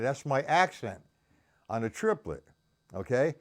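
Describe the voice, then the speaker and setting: A man teaches drums over a live stream, counting triplets out loud and chatting casually with viewers by name. His voice sits at an ordinary middle pitch, and drums sound around him as he plays. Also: big pitch swings, moderate pace, pauses often, heavy background noise. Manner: counts beats aloud, chats with viewers. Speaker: drum teacher. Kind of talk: live-streamed drum lesson. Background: drums played while talking.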